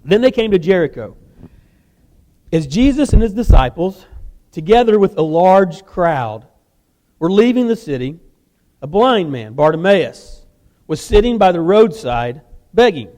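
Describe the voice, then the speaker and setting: A man preaching a sermon, telling the story in an animated way with casual asides. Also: high-pitched, measured pace, pauses often, in a large hall. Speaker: guest preacher.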